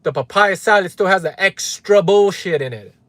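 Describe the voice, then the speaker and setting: Streaming live from Los Angeles, United States, a man with a high-pitched, fairly bright voice talks at normal speed with no room sound around him. He's heated and profane as he rants at his chat, calls out viewers by name, and punctuates points with "right?".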